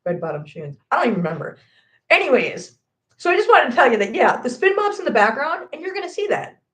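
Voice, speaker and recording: A woman's voice: sits high, sing-song, quick pace, fairly bright tone. A woman in her forties chatting casually on a home livestream, reading out viewers' comments, rambling and laughing often, on a laptop microphone. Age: 40s. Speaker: livestream host reading chat.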